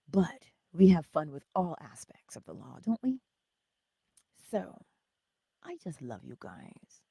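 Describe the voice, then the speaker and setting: A woman's voice: fairly low pitch, a little mellow, slightly rough, no echo. A woman hosting a livestream, chatting casually and playfully, laughing often and greeting viewers by name, with a valley-girl way of talking. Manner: says she talks like a valley girl. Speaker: livestream host.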